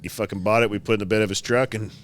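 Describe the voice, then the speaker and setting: A man who builds custom motorcycles, telling shop stories in casual podcast talk, profane and animated, acting out his customers. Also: fairly low pitch, rapid-fire, a little hiss or hum.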